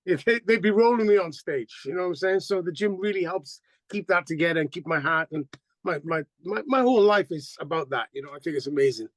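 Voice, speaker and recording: Rock singer, middle-aged, high dry voice, lively swearing anecdotes. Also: male voice, fast talker, no room sound. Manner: animated, profane, acts out quotes. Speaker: band singer, interview guest. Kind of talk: casual interview storytelling.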